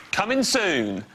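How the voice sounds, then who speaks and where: A man doing deadpan stand-up comedy on a TV panel show, with a wry delivery. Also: a little high, breathy edge. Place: TV studio with live audience. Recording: loud studio audience laughter.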